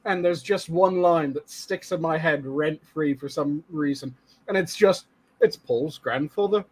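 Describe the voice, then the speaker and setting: A man's voice: a little high, fairly even intonation, measured pace. A man co-hosting a podcast, chatting casually and explaining bits of trivia he looked up. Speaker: podcast co-host. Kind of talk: casual chat.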